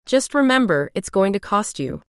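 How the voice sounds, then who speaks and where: A bitter young man who snarls accusations and demands that others take the blame, as a woman narrator reads him. His voice comes through smooth and clear over a close, dry audiobook mic, with middling pitch. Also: very animated, normal speed, no room sound, close to an everyday voice. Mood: resentful.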